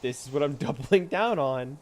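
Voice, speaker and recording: A man's voice: mid-range voice, expressive, normal speed, slight background noise. A man streaming a game, chatting casually and teasing his viewers with frequent laughter. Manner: playful, teasing, often laughing. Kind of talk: casual gameplay chat.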